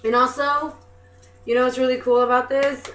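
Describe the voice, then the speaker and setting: Young woman, casual self-deprecating home cook; higher voice, recorded in a noisy kitchen. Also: flat delivery, normal speed. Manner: chatty, self-deprecating, apologetic asides. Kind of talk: casual cooking demonstration. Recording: echoey kitchen with background noise.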